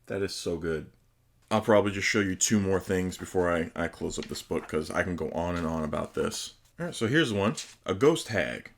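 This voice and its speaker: A man's voice: sits low, animated, moderate pace, gravelly. A man hosting a casual unboxing overview, chatting enthusiastically and sometimes stumbling over how to pronounce names. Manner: enthusiastic, chatty, with hesitant pronunciations. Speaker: host reviewing tabletop game books.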